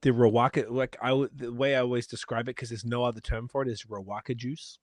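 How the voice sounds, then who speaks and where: A man's voice: mid-range voice, fairly even intonation, fast, no room sound, studio quality. A man from Australia co-hosting a podcast, chatting casually over beers and telling stories with laughter and swearing. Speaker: podcast co-host.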